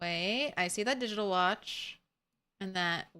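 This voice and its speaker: A woman's voice: mid-range voice, a little slow, bright, forceful tone, clean tone, soft background music. A woman streaming a video game, chatting casually and playfully with her viewers and talking to her cat between jokes. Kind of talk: casual livestream chat while gaming.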